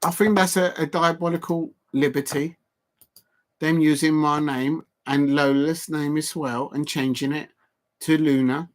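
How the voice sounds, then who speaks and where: A middle-aged man, chatting excitedly over a live football match on his stream and reading out comments from the chat. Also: on the high side, unhurried. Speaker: football watch-along streamer. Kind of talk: live watch-along commentary.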